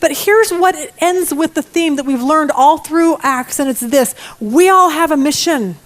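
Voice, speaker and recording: A middle-aged woman teaching a Bible study lesson in a lively, expressive way, with joking asides. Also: high-pitched, normal speed.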